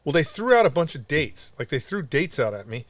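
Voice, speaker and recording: A podcast co-host tells a rambling, profane story with lots of animation. His voice is fairly high and brisk, captured in a dry recording.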